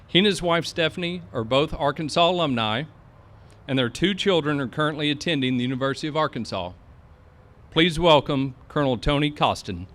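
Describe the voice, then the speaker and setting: A man's voice: on the high side, fairly quick, fairly bright tone. A man acting as master of ceremonies, reading a guest's biography in a formal introduction. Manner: reads a formal bio.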